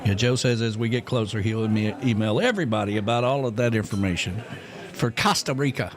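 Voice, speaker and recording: A man with a New Jersey accent hosting a radio show, chatting casually and joking with his co-hosts. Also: a little fast. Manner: chatty, jokey, lively pitch swings. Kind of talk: casual on-air chat.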